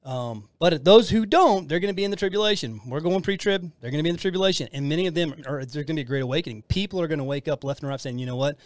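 A man with a slightly high voice teaches scripture to his podcast listeners in an earnest, rambling way. He circles back and restarts his sentences often. The sound is close and dry, with no room around it. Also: expressive, rapid-fire, few pauses, no echo. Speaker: podcast host teaching the Bible. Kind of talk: casual Bible teaching.

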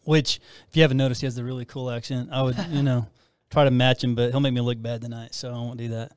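A man hosts a casual faith talk show, and his talk rambles with frequent restarts. His voice sits at an average pitch. The recording is dry and close. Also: level tone, fast talker, darkish tone, clear, resonant tone, dry recording. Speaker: host.

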